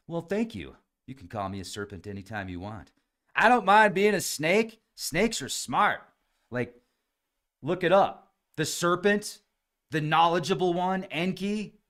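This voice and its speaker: A man's voice: on the high side, big pitch swings, measured pace, fairly bright tone. A man hosting a podcast livestream, chatting casually, reading viewer comments aloud and addressing people by name. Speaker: podcast host reading live chat comments.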